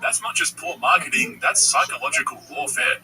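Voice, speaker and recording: A man's voice: on the high side, a little fast, recorded from a distance, crowd noise, poor audio. A man narrating a scripted commentary video in a sarcastic, mocking tone, with careful legal disclaimers. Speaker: commentary channel host.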